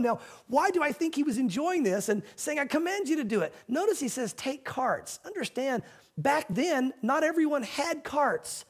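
A middle-aged man preaching a sermon as a pastor, talking in a relaxed, folksy way. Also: very high-pitched, normal speed. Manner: conversational, folksy preaching with quoted voices.

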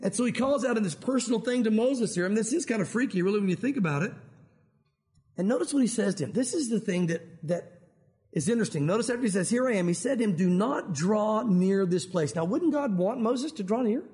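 A man's voice: extremely high pitch, expressive, fast, darkish tone. A man preaching a sermon in a conversational way, firing rhetorical questions at his listeners. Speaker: pastor.

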